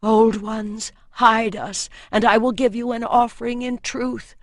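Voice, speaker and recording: A woman's voice: fairly high pitch, little pitch movement, a little slow, no room sound, clean studio sound, pitched above the performer's own voice. A woman voicing a pregnant young priestess in hiding, speaking in an earnest, prayerful way in an audiobook.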